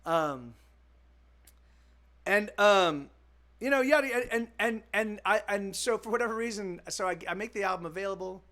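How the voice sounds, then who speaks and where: A man's voice: high-pitched, lively intonation, moderate pace, pushed and bright. A young man chatting on his music livestream, rambling in frustration with lots of restarts, fillers and swearing. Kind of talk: casual livestream chat.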